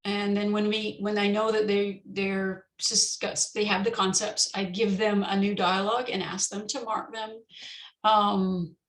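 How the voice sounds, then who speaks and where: A woman teacher giving an online conference talk on teaching pronunciation, explaining in a relaxed way with many ums and restarts. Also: mid-range voice, measured pace, roomy sound, low-quality recording. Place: indoors, online session.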